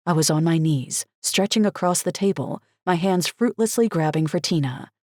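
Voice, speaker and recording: Low-voiced woman narrating a thriller. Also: normal speed, a little mellow, dry recording, clean studio sound. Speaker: audiobook narrator. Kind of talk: first-person thriller narration.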